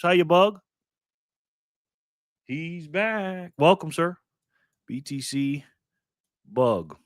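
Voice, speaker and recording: Relaxed male streamer with a mid-range voice, chatting with viewers, close dry mic. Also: mid-range voice, dry recording. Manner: laid-back, greets viewers by name, says "man" and "bro" often. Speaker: livestream host. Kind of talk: casual livestream chat reading viewer comments.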